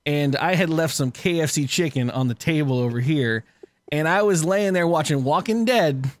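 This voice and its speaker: A man's voice: on the high side, normal speed, dry recording, clean studio sound. A man co-hosting a podcast in casual chat, tipsy, laughing and swearing as he rambles. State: tipsy from cocktails. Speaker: podcast co-host.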